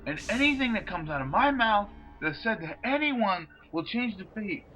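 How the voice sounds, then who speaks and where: A man putting on a young male game hero who makes shrill, blustering threats in a voice pitched far above his own. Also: big pitch swings, normal speed, bright, forceful tone, muffled recording, soft background music, heavily acted.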